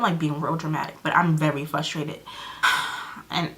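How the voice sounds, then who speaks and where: A woman in her twenties telling a story in a casual vlog, animated and dramatic, acting out her own lines. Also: low voice, fast. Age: 20s. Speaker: vlogger.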